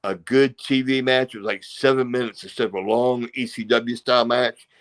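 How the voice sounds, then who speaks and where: A man's voice: mid-range voice, fairly even intonation, normal speed, fairly bright tone. A middle-aged man, a former wrestler, telling rambling stories in a casual interview and acting out quotes and sound effects. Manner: rambling, acts out quotes and crowd noises.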